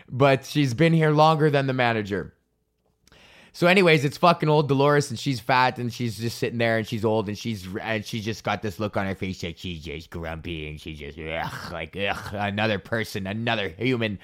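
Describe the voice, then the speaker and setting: Profane, animated male comedian telling stories. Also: medium pitch. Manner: swears a lot, loose and animated, fillers and restarts. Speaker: comedian podcast host. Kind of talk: profane comedic storytelling rant.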